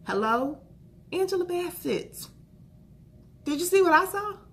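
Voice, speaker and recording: Woman vlogger, gravelly texture, lively exclamatory casual chat. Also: very high voice, unhurried. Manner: animated, chatty, exclamatory.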